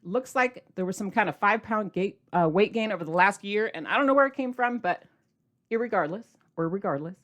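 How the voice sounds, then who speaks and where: A middle-aged woman hosting a podcast, talking to her listeners in an energetic, animated, casual way. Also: medium pitch, a little fast. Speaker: podcast host. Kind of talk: casual motivational podcast monologue.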